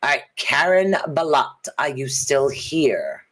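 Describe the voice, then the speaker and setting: A woman's voice: rumbling low, sing-song, takes it slowly. A woman hosting a livestream of tarot readings. She talks in a chatty, rambling, upbeat way, with many fillers and restarts. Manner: upbeat and encouraging.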